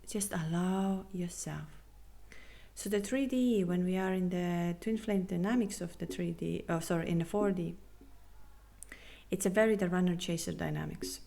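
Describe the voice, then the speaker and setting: A woman hosting a spiritual podcast, talking earnestly and reassuringly with non-native phrasing, sometimes dropping to a soft half-whisper. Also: fairly low pitch, moderate pace, vocal fry. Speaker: podcast host and spiritual coach. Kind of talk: casual podcast monologue.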